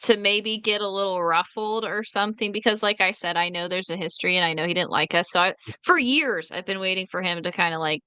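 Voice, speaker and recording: A woman comic creator, a guest in a casual chat, talking quickly and restarting her sentences. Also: mid-range voice, bright, forceful tone, clean tone, no room sound.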